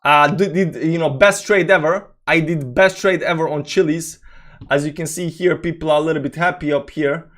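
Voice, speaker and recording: A man's voice: fairly high pitch, steady tone, moderate pace, fairly bright tone. A young man with a speech pattern hosts a casual crypto livestream, reading chat comments aloud and rambling with many fillers and restarts.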